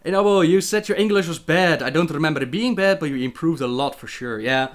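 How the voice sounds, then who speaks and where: A young Dutch man speaking English with his home accent, running a relaxed livestream Q&A. His voice sits a little higher than most men's. He reads out questions from the chat and answers them in an easy, chatty way. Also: a little fast. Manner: reads viewer questions aloud and answers chattily, with frequent laughs. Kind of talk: casual livestream Q&A.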